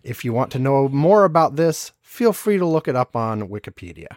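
A speaker in loose, casual chat who rambles and restarts sentences often. The pitch swings in an animated, lively way. The sound is dry and close, with almost no room echo. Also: moderate pace. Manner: rambling and hesitant, with many fillers and restarts.

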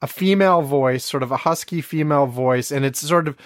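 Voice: mid-range voice, a little fast, no room sound, clean studio sound. A podcast co-host in casual chat who rambles hesitantly, with lots of fillers and restarts.

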